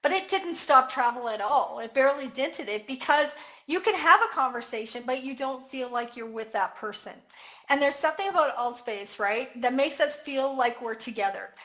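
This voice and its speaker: A high-pitched woman chatting enthusiastically at a virtual community gathering. She speaks thoughtfully and pauses on fillers as she goes. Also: animated, a bit bright, low-quality recording. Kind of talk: casual conversation.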